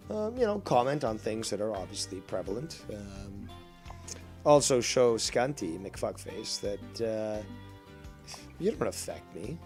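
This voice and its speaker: A man's voice: fairly low pitch, big pitch swings, a little slow, darkish tone, faint music behind. A man chatting casually on a live stream while playing a fishing game, rambling, sarcastic and profane.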